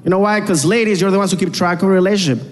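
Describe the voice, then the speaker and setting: A man's voice: high voice, very fast. A man from Venezuela with a Venezuelan Spanish accent, doing a punchy stand-up set to a live crowd. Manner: punchy, repetitive joke delivery to a crowd. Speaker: stand-up comedian. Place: comedy club stage. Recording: reverberant hall with audience noise. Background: live audience.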